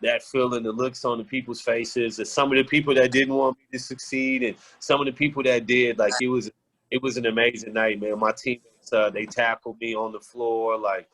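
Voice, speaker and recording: A man guest on a sports podcast, telling candid, profane stories in an animated, casual way. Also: mid-range voice, moderate pace, poor audio. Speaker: podcast guest, former pro basketball player. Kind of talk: casual storytelling.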